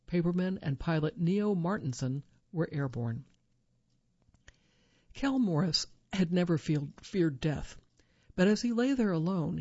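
A narrator reading a true survival story in a measured storytelling manner, lifting the quoted lines. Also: medium pitch, mellow, no echo, muffled recording.

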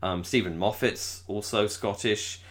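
A British man co-hosting a podcast in casual chat, halting and often repeating his words as he thinks aloud. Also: lowish voice, fairly even intonation, fairly bright tone. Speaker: podcast co-host.

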